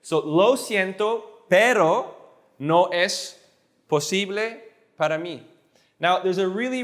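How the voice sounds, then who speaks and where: A man teaching a casual one-on-one language lesson, patiently repeating phrases slowly so they sink in. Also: a little high. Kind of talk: casual tutoring session.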